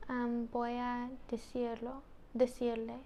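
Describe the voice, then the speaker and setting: A woman's voice: on the high side, monotone, takes it slowly, dark tone, slight background noise. A woman answering as a student in a language lesson, giving short, careful answers.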